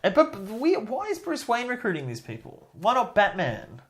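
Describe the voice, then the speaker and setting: Lively podcast co-host, man. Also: high-pitched, normal speed. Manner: animated, laughs often, acts out quotes. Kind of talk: casual film review chat.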